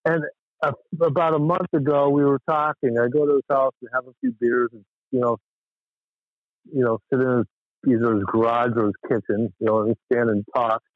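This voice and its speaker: A man's voice: mid-range voice, normal speed, no echo. A man from Western Massachusetts calling in, telling a rambling, exasperated story with many restarts. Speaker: caller. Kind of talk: casual call-in chat. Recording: tinny phone line.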